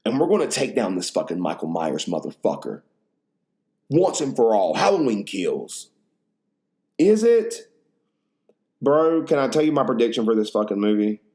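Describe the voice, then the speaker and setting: A man's voice: lowish voice, sing-song, normal speed, a little mellow. A man hosting a podcast in casual chat, rambling, profane and full of slang. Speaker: podcast host.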